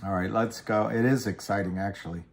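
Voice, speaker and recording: A man's voice: fairly low pitch, steady tone, a little fast, creaky. Rambling middle-aged man chatting on a livestream. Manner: rambling, self-deprecating, reads viewer comments aloud. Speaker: livestream host. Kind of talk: casual livestream chat about stocks.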